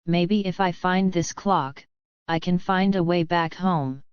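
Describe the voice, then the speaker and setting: A bold, cheerful storybook boy who loves adventure, read by a woman. The voice is low and smooth. The sound is dull and lo-fi. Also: takes it slowly, no echo. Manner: bold, playful.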